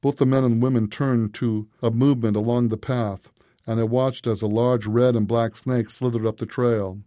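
A man narrating a first-person story in a steady, unhurried way. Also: medium pitch, no room sound.

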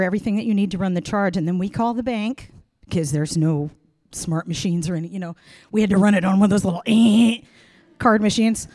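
A middle-aged woman doing stand-up storytelling, frank and animated, acting out the voices in her tale. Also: medium pitch, dry recording, studio quality. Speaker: comedian.

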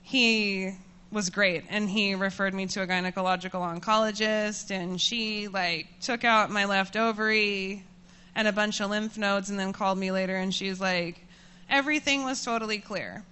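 A woman in her thirties telling a personal story to an audience, candid and self-mocking, laughing often and getting animated as she tells it. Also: mid-range voice, moderate pace, clear, resonant tone. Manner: animated, voices rising when furious.

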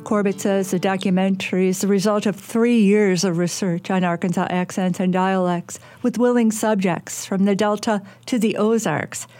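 A woman radio reporter reading scripted news narration in a measured, clear way. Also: medium pitch, steady tone, a little mellow, faint music behind.

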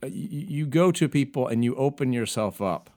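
A man co-hosting a podcast in casual conversation, reflective and halting, with many restarts. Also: medium pitch, lively intonation, mellow, dry recording. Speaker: podcast co-host.

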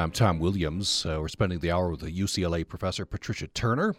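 Relaxed radio host with a Utah accent. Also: male voice, deep voice, quick pace, music in the background. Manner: relaxed, conversational, with many fillers. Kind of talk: radio interview and announcements. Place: radio studio. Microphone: studio microphone.

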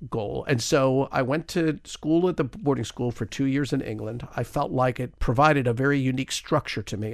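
A man in his sixties with a gravelly, creaky voice at an ordinary pitch. He tells long, meandering stories as a radio guest and fills them with little hesitations. The sound is dry and close. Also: dry recording. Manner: rambling anecdotal storyteller with many fillers. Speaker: interview guest, retired news correspondent. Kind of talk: storytelling in a radio interview.

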